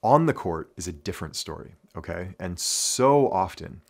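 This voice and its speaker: A man with a notably deep voice teaches a lesson on mindset to camera. He is earnest and reflective, and he repeats his main phrases so they land. He speaks as a coach addressing his players. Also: animated, normal speed, creaky, darkish tone. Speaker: basketball coach. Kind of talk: instructional talk to camera.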